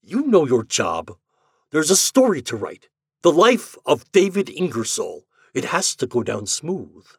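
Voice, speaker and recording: A man voicing a scheming, chubby male propaganda chief in an audiobook story, pushy and persuasive, pitched a little higher than his narration. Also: wildly swooping pitch, unhurried, breathy edge, no echo, clean studio sound, full character voice. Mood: commanding.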